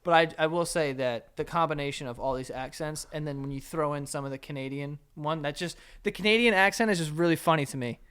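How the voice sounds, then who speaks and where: A man's voice: a little high, quick pace, hardly any pauses, a bit bright, clean tone. A man co-hosting a podcast, chatting casually and animatedly, laughing often and swearing freely. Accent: New York. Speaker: podcast co-host. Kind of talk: casual chat.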